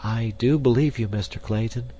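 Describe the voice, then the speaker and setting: A man's voice: mid-range voice, normal speed, mellow, a little hiss or hum, pitched above the performer's own voice, lightly acted. A man reading the part of a proud young woman, earnest and dignified.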